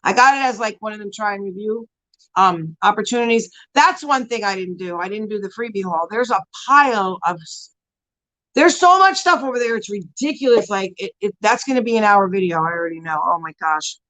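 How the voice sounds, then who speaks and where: A woman's voice: medium pitch, expressive, fairly quick, fairly bright tone, poor audio. A woman hosting a casual beauty live stream, chatting and answering viewers in a rambling way full of fillers and frequent laughs. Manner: laughs often while talking.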